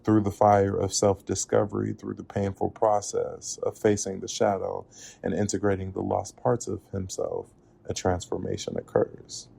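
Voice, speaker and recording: A man narrating a reflective spoken essay in a measured, earnest way. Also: deep voice, level tone, vocal fry, warm tone, breathy edge. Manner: measured, earnest, with occasional laughs at slips.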